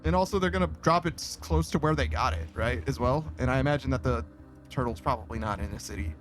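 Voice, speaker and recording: A man's voice: medium pitch, fast talker, soft background music. A man streaming a game, chatting casually and reading out chat, laughing often, swearing freely and rambling with lots of fillers.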